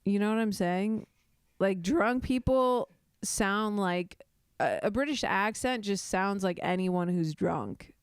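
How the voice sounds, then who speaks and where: A woman's voice: medium pitch, slow pace, clear, resonant tone, no echo, studio quality. A young adult woman hosting a casual comedy podcast, rambling, giggling and mocking herself as she talks. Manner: giggly, self-deprecating, rambling with restarts. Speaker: podcast host.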